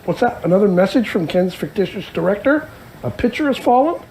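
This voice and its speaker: A man from Canada presenting a scripted comedy segment with deadpan jokey asides. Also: sits high, fairly quick, vocal fry, a little hiss or hum, rough recording.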